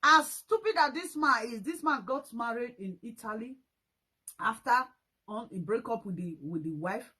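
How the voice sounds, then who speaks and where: Husky Nigerian woman scolding. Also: lively intonation, moderate pace, low-quality recording. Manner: scolding, mocking, with sudden loud high outbursts. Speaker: social media commentator. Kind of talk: ranting commentary vlog.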